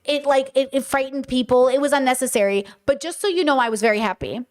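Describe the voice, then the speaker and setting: Speaking quickly in a high-pitched voice, a thirtysomething American woman hosting a podcast delivers a lively, casual monologue, cursing often and performing her reactions.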